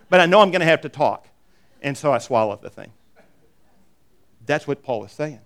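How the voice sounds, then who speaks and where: A middle-aged man preaching a sermon, telling stories with emphatic repeats and quick asides. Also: a little high, expressive. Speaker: pastor.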